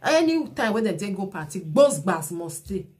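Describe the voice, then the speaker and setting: A woman's voice: medium pitch, big pitch swings, normal speed, a little mellow, a little hiss or hum. A woman with a Nigerian Pidgin accent giving chatty, preachy advice as a vlogger. She often adds "you know" while she comments. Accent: Nigerian Pidgin English. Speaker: vlogger commenting on a viral clip.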